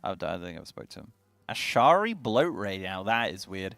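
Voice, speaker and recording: A man's voice: deep voice, big pitch swings, brisk, gravelly, fairly bright tone, dry recording, faint music behind. A man co-hosting a stream, chatting casually and teasing with a joking manner. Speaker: stream co-host. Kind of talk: casual chat. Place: streaming studio.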